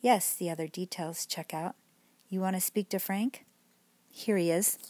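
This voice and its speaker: A woman's voice: lowish voice, measured pace, mellow, no echo. A woman doing a sarcastic police detective. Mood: brisk. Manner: curt and dry.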